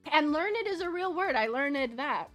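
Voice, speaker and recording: High, lively, bright-voiced young woman. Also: normal speed. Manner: giggly, chatty, talks while eating. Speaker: streamer. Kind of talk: casual chat while playing. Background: faint game music.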